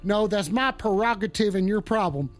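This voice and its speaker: A man's voice: sits high, lively intonation, normal speed, soft background music. A man hosting a live call-in stream in character as a touchy, swearing cowboy with a put-on drawl, rambling and reacting to chat.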